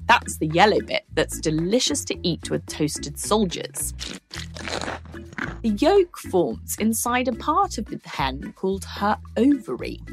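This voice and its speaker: Very animated woman hosting for kids. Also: medium pitch, takes it slowly, soft background music. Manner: animated, playful, explaining things to children. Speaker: children's podcast host. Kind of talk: children's science podcast presenting.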